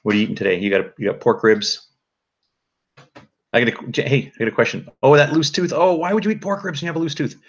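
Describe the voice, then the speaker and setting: A man giving casual spoken commentary to his audience in a halting, dry and joking way, with many restarts and fillers. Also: medium pitch, dull audio. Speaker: video commentator.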